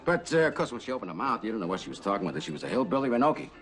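A brash, chummy agent who rambles on and calls everyone baby. He talks fast with a lively, swooping voice over faint music from the film soundtrack. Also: on the low side. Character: fast-talking brash male talent agent, middle-aged. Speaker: Hollywood agent character. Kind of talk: film dialogue.

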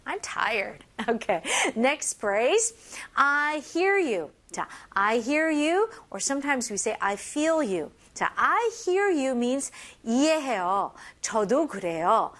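A young woman teaching English phrases and switching between two languages, modeling each phrase slowly and clearly in a cheerful way. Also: high-pitched, very animated, fairly bright tone. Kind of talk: bilingual English lesson.

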